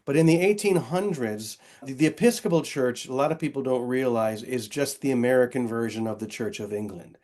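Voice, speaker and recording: A man's voice: mid-range voice, a little fast, few pauses, darkish tone. A man who is a guest on an interview podcast, speaking earnestly and reflectively about his faith and his work. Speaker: guest, author and Episcopal priest. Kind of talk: casual interview conversation.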